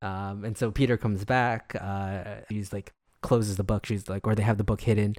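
A man's voice: on the low side, little pitch movement, normal speed, a little mellow, no echo. A man co-hosting a podcast, retelling a TV episode in a rambling, casual way full of fillers. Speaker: podcast co-host.

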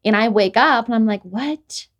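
Speaking at a moderate pace, a young adult woman with a slightly mellow, mid-range voice chats casually on her podcast. Her stories ramble, restart often, and lean heavily on the word "like."

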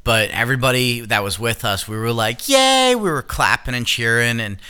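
A man's voice: mid-range voice, fairly even intonation, brisk, pushed and bright, clear, resonant tone. A young man co-hosting a casual podcast, chatting loosely and swearing freely. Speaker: podcast co-host. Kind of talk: casual chat.

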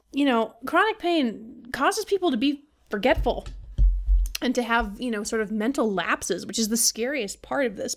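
A woman hosting a podcast, talking casually and venting with a lot of swearing and laughter. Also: a little high. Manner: profane, venting, animated with laughs. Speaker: podcast host. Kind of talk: casual monologue.

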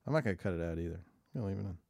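Low guy rambling on a podcast, jokey, cusses a lot, dry close mic. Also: animated, racing, vocal fry, mellow, dry recording. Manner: rambling, jokey, swears freely. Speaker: podcast co-host. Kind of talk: casual chat, filling airtime.

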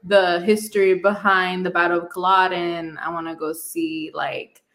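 A woman's voice: lowish voice, little pitch movement, moderate pace, fairly bright tone, reverberant. A young woman chatting casually in a group, cheerful and eager.

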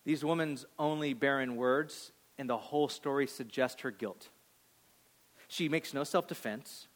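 A male pastor delivering a sermon, building to loud emphatic peaks and dropping to hushed quoted lines, acting out voices from the story. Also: medium pitch, measured pace. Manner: acts out voices of people in the story.

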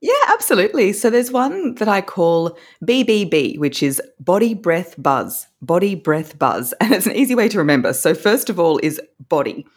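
An Australian woman, a voice coach, explaining techniques as a podcast guest in an animated way, laughing often. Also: on the low side, moderate pace, few pauses, breathy edge.

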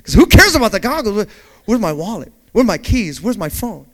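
A male pastor preaching a sermon in a church, telling a personal story and building up to shouted exhortation. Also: high-pitched, big pitch swings, brisk.

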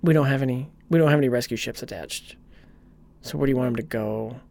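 A man's voice: mid-range voice, quick pace, creaky, no echo. Playful man in casual movie banter. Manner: joking, playful, lively asides. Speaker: podcast co-host. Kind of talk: casual chat about a movie.

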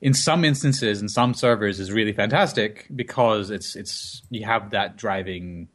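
A man's voice: lowish voice, moderate pace, a bit bright. A man hosting a gaming podcast, musing casually and trailing off mid-thought.

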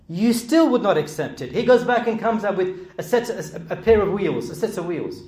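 A man's voice: on the high side, big pitch swings, moderate pace, few pauses, a little mellow. Earnest British man preaching in an echoey room. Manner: earnest rhetorical questioning, rising to emphatic peaks. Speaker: speaker. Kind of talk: sermon.

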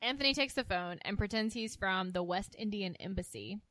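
Woman, podcast co-host, casual recap chat, animated quoting, medium pitch, dry sound. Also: moderate pace, no echo. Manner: animated, acts out quotes.

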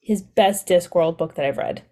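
A woman's voice: lowish voice, normal speed, mellow. A woman co-hosting a podcast, chatting casually and gushing enthusiastically about books she loved, often laughing. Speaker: podcast co-host.

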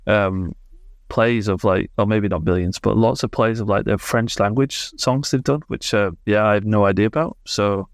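A man's voice: fairly low pitch, moderate pace, dry recording, studio quality. A man co-hosting a podcast, rambling in casual chat with lots of fillers. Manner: rambling, full of likes and laughs. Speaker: podcast co-host.

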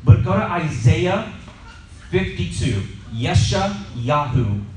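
Brief: male Bible teacher, slightly high voice, animated sermon-style teaching, echoey room, mic set back. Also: moderate pace, far from the mic. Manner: animated, acts out shouting scenes.

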